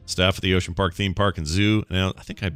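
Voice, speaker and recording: A middle-aged man co-hosting a casual podcast, telling stories and ranting in an animated way. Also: low-pitched, fairly quick, clear, resonant tone, faint music behind. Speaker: podcast co-host. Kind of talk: casual chat.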